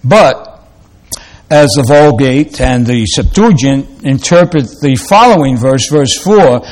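A man preaching a sermon, slow and deliberate, repeating key phrases for emphasis. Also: medium pitch, animated, darkish tone.

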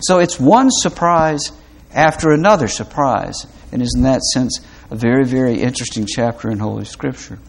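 A man preaching and reading scripture to a church congregation, pausing often with "uh" and then stressing key words with emphasis. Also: mid-range voice, animated, gravelly.

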